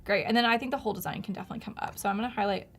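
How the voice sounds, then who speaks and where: A woman's voice: medium pitch, very fast, gravelly, a bit bright. A woman hosting a live design stream, chatting and narrating each step with frequent laughs. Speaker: livestream host and designer. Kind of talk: casual live design demo.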